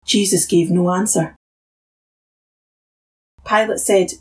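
Husky woman reading scripture. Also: mid-range voice, moderate pace, poor audio. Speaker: Bible reader. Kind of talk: scripture narration.

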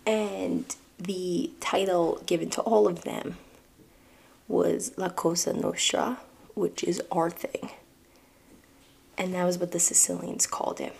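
Podcast host, young woman, New York accent, low gravelly voice, chatty and conversational. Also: flat delivery, unhurried, a little mellow. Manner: chatty, conversational, asides to listeners. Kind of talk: casual solo book-and-film chat.

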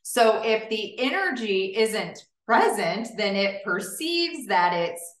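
A woman hosting a podcast interview, telling her own health story in an emphatic, animated way. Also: mid-range voice, takes it slowly. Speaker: podcast host. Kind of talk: casual interview chat. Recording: roomy, distant mic.

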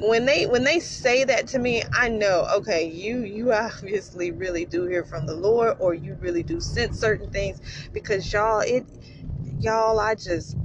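A woman hosting a faith podcast, speaking emotionally and repetitively, often calling out to her listeners. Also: a little high. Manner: effusive, repeats herself, calls out to listeners. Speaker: podcast host. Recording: slightly dull podcast audio, faint room noise.

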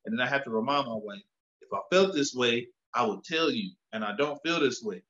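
Animated man telling stories, dull sound. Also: medium pitch, brisk. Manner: animated storyteller acting out both sides of conversations. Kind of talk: casual chat.

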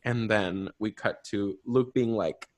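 A man's voice: on the low side, unhurried, no room sound. Playful crude young man recapping a movie. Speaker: podcast co-host. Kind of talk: casual chat, movie recap.

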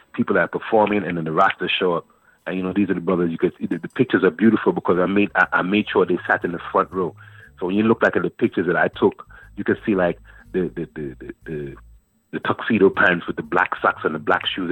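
Deep husky man from Antigua, phone-line sound. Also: no room sound. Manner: animated storyteller, repeats words and phrases. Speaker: guest poet. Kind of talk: radio interview storytelling. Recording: dry phone-like radio line.

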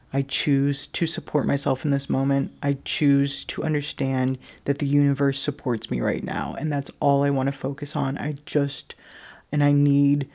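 Thirtysomething podcaster, gravelly fry, rambly and sweary, just talking it out. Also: mid-range voice, darkish tone. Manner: rambling, frequent "like" fillers, casual swearing. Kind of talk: candid personal monologue.

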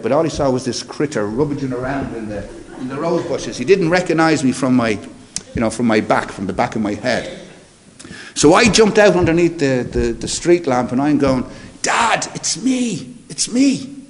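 A man, an interview guest telling his personal testimony in an animated way and acting out the dialogue. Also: mid-range voice.

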